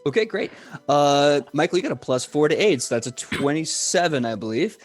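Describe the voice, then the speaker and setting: A man narrating as game master in a tabletop game, talking loosely and joking, quick to laugh. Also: fairly high pitch, expressive.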